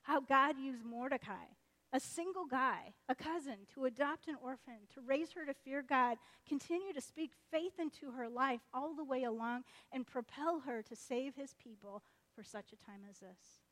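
A woman preaching a sermon as lively, chatty storytelling, acting out the characters' voices. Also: high voice, moderate pace. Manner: animated, chatty, acts out voices.

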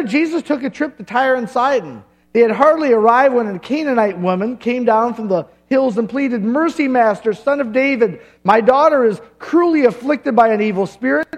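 High-voiced man preaching a sermon. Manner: emphatic preaching with dramatic pauses and humor. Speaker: pastor.

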